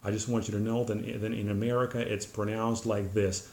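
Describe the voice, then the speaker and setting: A man teaching English pronunciation in a patient, methodical way, pausing often with "uh" as he explains at a whiteboard. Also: fairly low pitch, flat delivery, vocal fry, a little mellow. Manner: patient, methodical, frequent "uh" pauses. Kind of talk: explanatory lesson to camera. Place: room with a whiteboard. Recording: echoey room, faint ambient noise.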